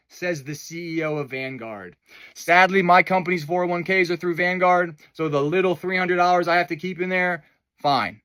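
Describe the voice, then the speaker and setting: Bright, high-voiced chatty man. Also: normal speed, clean tone, no echo. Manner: chatty, enthusiastic, with fillers and asides. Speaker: host of a crypto news video. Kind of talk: casual news commentary.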